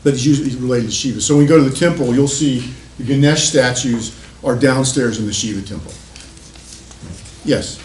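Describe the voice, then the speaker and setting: A male university lecturer gives an informal, animated lecture, spinning stories in a chatty tone. His voice sits in a middle register. The classroom is echoey, with a faint hum underneath. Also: medium pitch, brisk.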